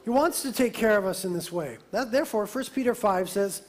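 High-voiced man preaching a sermon. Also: a little fast. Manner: lively, emphatic preaching with a conversational aside. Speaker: pastor.

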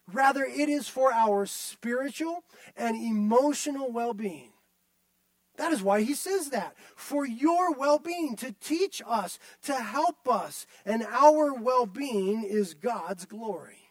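A man's voice: extremely high pitch, lively intonation, slow, no room sound. A male pastor delivering a sermon, emphatic and repetitive, often turning to the listeners directly.

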